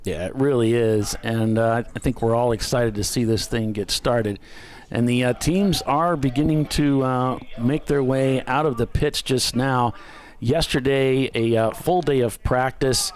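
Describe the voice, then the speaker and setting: A man's voice: medium pitch, a little slow. Chatty man co-commentating a race.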